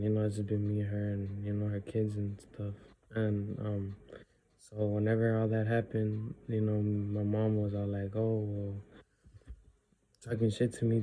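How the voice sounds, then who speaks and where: A man's voice: fairly low pitch, warm tone, slight background noise, poor audio. A man telling a personal story in a casual vlog. He talks bluntly, curses, leans on filler words and drops in Spanish phrases. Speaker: vlogger.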